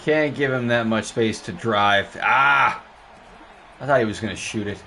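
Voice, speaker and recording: A young man streaming a basketball video game, talking live over his play, excitable and trash-talking with sudden high yelps. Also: a little slow, a little hiss or hum. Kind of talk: live gameplay commentary.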